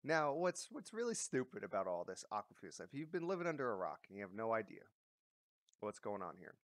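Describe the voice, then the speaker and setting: A man's voice: lowish voice, sing-song, fairly quick, no echo. Blunt, swearing man with a dry sound. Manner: blunt, profane, full of fillers and restarts. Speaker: commentary vlogger. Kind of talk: casual ranting commentary.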